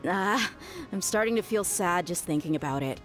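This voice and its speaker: An actress playing an easygoing, friendly female mercenary who talks in a calm, unhurried way. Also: fairly low pitch, soft background music.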